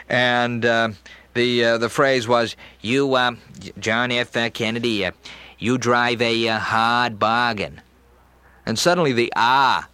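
A man's voice: medium pitch, bright, forceful tone, dry recording. Man explaining how to do impressions. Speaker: voice and impressions teacher. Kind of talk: instructional talk.

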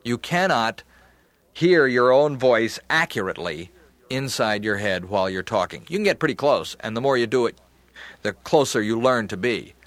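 A man's voice: mid-range voice, lively intonation, moderate pace, a bit bright, dry recording. A man giving practical, methodical advice on practicing voices with a recorder. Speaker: voice acting instructor. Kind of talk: instructional talk.

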